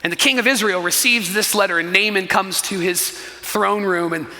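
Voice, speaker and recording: A man preaching a sermon as pastor, telling the story in an animated way with frequent asides to the congregation. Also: sits high, normal speed, in a large hall. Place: church sanctuary.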